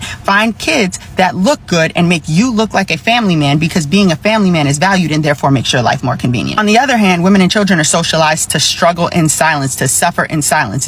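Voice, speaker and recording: A man's voice: high-pitched, fairly bright tone, slight background noise. A man giving a pointed, sardonic commentary to camera, with some swearing. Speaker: social media creator.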